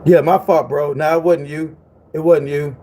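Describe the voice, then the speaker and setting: A man's voice: a little high, fairly even intonation, normal speed, warm tone, a little hiss or hum. A man hosting a livestream who chats casually, in a loose, profane and repetitive way. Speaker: livestream host.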